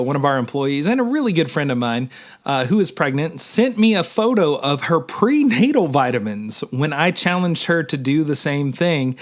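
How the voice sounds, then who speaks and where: A male minister delivering a humorous sermon with emphatic, animated commentary, often addressing listeners as y'all. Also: fairly high pitch.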